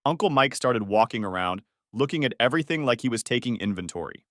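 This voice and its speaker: A man's voice: medium pitch, lively intonation, quick pace, hardly any pauses, fairly bright tone, no echo, clean studio sound. Blunt man in his thirties narrating. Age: 30s. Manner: blunt, plain-spoken. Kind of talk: first-person story narration.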